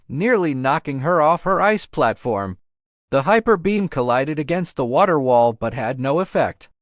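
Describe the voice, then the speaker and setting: A man reading a fan fiction audiobook aloud in a steady storybook manner. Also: a little high, no room sound, clean studio sound. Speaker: audiobook narrator.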